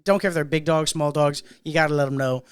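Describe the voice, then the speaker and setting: A man's voice: fairly high pitch, steady tone, fast, clear, resonant tone, dry recording. A man hosting a casual podcast chat, a bartender telling stories with lots of swearing and laughter. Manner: profane, laughing storyteller. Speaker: podcast host.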